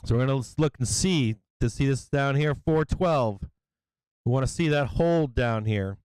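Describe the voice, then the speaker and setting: A man hosting a live stock-market stream, swearing freely and explaining chart levels, with bursts of excited yelling. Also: mid-range voice, moderate pace, clear, resonant tone, dry recording, low-quality recording. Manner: profane, excitable, yelling at times. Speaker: stock market livestream host. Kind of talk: live trading commentary.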